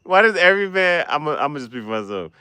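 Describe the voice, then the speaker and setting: A man giving casual, joking livestream commentary, profane and quick to laugh. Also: fairly high pitch, sing-song, sharp tone, clear, resonant tone, no echo. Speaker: streamer.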